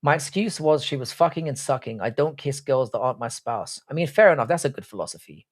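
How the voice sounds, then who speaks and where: A man's voice: mid-range voice, expressive, quick pace. Man, young adult, livestream host, crude banter, casual chat. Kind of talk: casual live chat reading comments.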